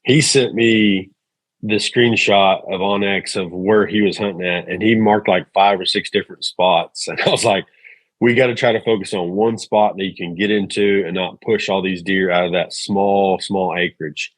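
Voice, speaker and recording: A man, a guest on a podcast, explaining hunting strategy in relaxed casual chat. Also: sits low, moderate pace, no room sound, poor audio.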